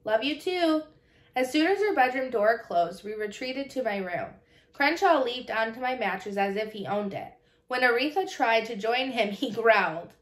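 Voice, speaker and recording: A woman narrates a children's novel in a calm, even storybook voice that sits a little high. The reading carries a roomy echo. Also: normal speed. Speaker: audiobook narrator.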